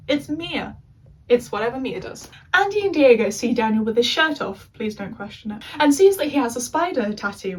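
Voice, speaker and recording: A woman's voice: fairly high pitch, slightly rough, far from the mic, rough recording. A young English woman recapping a TV show in a casual, chatty rant with sarcastic asides. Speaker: video essayist.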